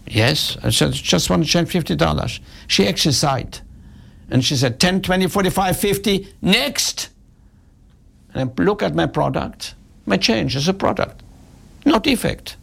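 Raspy guy telling a customer service story, keeps repeating his main points, kinda high voice. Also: fairly bright tone. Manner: emphatic, repeats key points. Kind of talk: storytelling talk to an audience.

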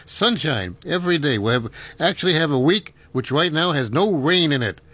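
A man's voice: on the high side, expressive, normal speed, fairly bright tone, husky. A man, hosting a local radio call-in show in a rambling, folksy way with frequent chuckles. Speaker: radio talk show host.

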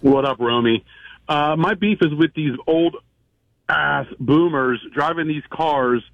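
A man's voice: on the high side, slow pace, vocal fry, no room sound, highs cut off. A man calling in to a radio show with a brash, punchy, slangy complaint. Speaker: caller. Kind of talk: phone-in call to radio show.

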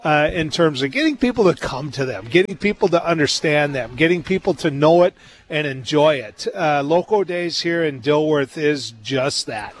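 A man's voice: on the high side, expressive, moderate pace. A man hosting a radio interview show, talking in an upbeat, chatty way with frequent fillers.

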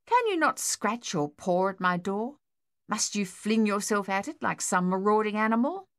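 Storybook farm mother, brisk and scolding, done by a woman reader. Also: medium pitch, big pitch swings, smooth, dry recording, studio quality, voice pushed up. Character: brisk, sharp-tongued French farm mother.

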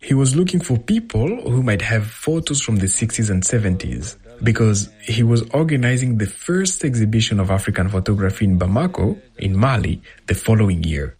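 A man with a husky voice reading a translated first-person account as a voice-over, in a lively storytelling manner. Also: lowish voice, moderate pace, few pauses. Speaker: voice-over interpreter.

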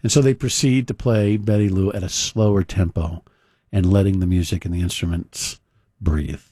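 Male talk radio host, loose storyteller, low-pitched, dry studio sound. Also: fairly even intonation, normal speed, mellow, dry recording. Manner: rambling storyteller with fillers and restarts. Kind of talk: casual talk radio monologue.

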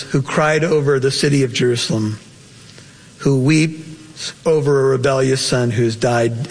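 A male pastor preaching a sermon with impassioned delivery, his voice climbing high on emotional quotes and then drawing into prayer. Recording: long hall reverb.

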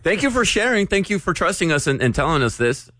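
A man's voice: high voice, big pitch swings, quick pace, bright, forceful tone, no room sound. A man hosting a morning radio show, bantering and interviewing in a playful way.

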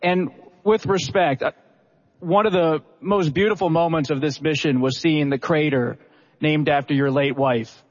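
A man asking a heartfelt, halting question at a press conference. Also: on the high side. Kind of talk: earnest question to a guest. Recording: dull recording in a reverberant hall.

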